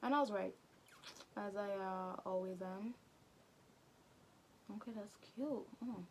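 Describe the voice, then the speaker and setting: A woman's voice: mid-range voice, steady tone, a little mellow, slight background noise. Chatty woman recapping an anime. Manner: chatty, slangy, quick asides to viewers. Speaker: anime reviewer vlogger. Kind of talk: casual movie recap commentary.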